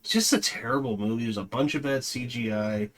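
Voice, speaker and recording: A man's voice: medium pitch, a little fast. A man reviewing a movie in a casual, rambling way, with lots of fillers and a dismissive tone.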